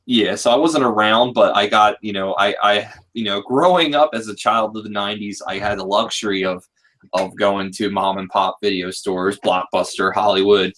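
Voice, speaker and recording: A man's voice: on the low side, moderate pace, fairly bright tone. A man in his thirties hosting a casual group talk, rambling with many fillers and restarts. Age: 30s. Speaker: podcast host.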